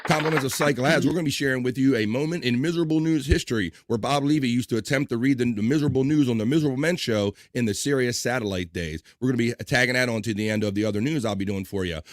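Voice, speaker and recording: An upbeat man hosting a live online show, moving through viewer comments in a relaxed, chatty way. His voice sits at an ordinary male pitch. He teases and jokes easily with his audience. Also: racing, hardly any pauses, no echo. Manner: upbeat, joking banter with the chat and co-host. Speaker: live stream host. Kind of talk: casual live-stream chat, reading viewer comments.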